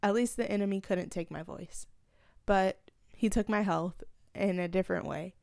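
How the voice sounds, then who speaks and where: A woman hosts her own podcast from a small room, speaking close to the mic. Her talk is casual and earnest, rambling along with fillers and restarts. Her voice is smooth and clear, and the recording is dry with no room sound. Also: medium pitch, moderate pace, a little mellow, dry recording. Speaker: podcast host.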